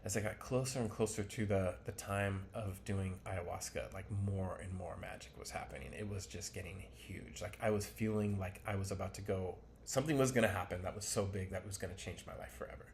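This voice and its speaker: A man with a fairly low voice tells his life story in a loose, conversational way, wandering between asides and self-deprecating remarks. A faint ambient hum sits behind him. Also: brisk, hardly any pauses. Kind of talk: candid personal storytelling.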